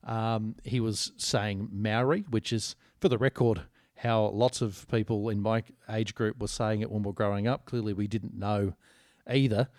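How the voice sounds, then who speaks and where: Wry low-voiced man. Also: level tone, darkish tone, no room sound, clean studio sound. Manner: wry, articulate, measured. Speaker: podcast co-host. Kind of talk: casual podcast banter.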